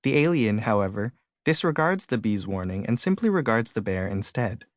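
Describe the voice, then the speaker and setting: A man reading his own illustrated storybook aloud in gentle, plain narration. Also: lowish voice, sing-song, moderate pace, no echo, clean studio sound. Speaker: author and narrator. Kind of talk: scripted audiobook narration.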